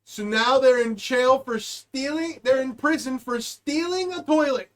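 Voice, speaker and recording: A man's voice: very high-pitched, measured pace. A man co-hosting a comedy podcast, chatting casually and jokingly. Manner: joking, does goofy put-on voices. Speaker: podcast co-host.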